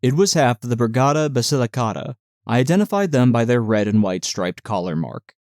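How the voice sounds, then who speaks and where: A male audiobook narrator reading a novel in a steady, measured way. His voice sits at a middling pitch. It is recorded close and dry, with no room sound. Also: no room sound.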